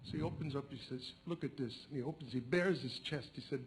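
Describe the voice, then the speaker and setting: Gravelly man telling jokes. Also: mid-range voice, fast talker, low-quality recording. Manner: storytelling, switching into character voices for punchlines. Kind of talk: joke telling. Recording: faint background noise.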